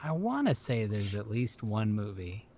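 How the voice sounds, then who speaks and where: A man's voice: on the low side, big pitch swings, normal speed, background noise. A man co-hosting a casual podcast, agreeable, with frequent short replies and laughter. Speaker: podcast co-host. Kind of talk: casual chat.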